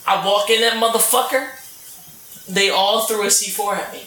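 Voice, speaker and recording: A man telling profane, animated stories during a casual chat among gamer friends. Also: high-pitched, normal speed, reverberant, slight background noise, poor audio.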